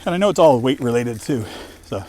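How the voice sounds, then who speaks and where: A man's voice: mid-range voice, expressive, brisk, darkish tone. A man chatting casually to his viewers while riding a bike up a wooded trail, out of breath, rambling and self-deprecating, on a clip-on mic. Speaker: vlogger. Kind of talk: casual chat while cycling. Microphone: wireless lavalier on the rider.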